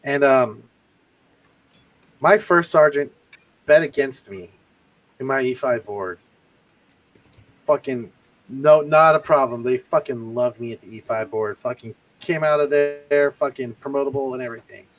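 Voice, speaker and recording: A man's voice: medium pitch, a little slow, long pauses, no echo, poor audio. Profane man telling army stories. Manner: profane, animated anecdote-telling with quoted voices. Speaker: livestream co-host, army veteran. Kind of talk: casual storytelling chat.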